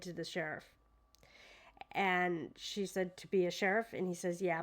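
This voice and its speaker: A woman at home casually reading a court deposition aloud and commenting on it, hesitant and full of fillers, sounding incredulous. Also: on the low side. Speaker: true crime commentator. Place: at home with her dogs.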